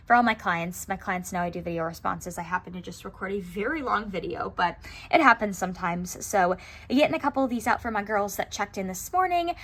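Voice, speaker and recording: A woman's voice: mid-range voice, a bit bright. A young woman fitness coach talking casually to her camera in a chatty, upbeat vlog, with lots of fillers.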